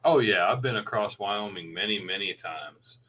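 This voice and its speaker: A man who drives a flatbed truck, joining a casual chat in a relaxed, unhurried way. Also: lowish voice, far from the mic, rough recording.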